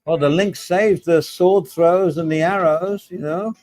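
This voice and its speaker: A man's voice: on the high side, fairly even intonation, measured pace, a little mellow, no echo, low-quality recording. Chatty male livestream host, dry sound. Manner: chatty, jokey, addresses viewers by name. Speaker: livestream host reading chat. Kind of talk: casual live chat.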